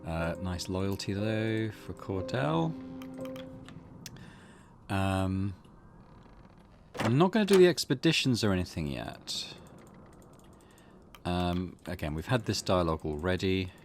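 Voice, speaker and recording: A man hosting a let's play at home, thinking aloud in a relaxed way with many fillers. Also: low-pitched, slow, long pauses. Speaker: gaming channel host. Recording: game music behind.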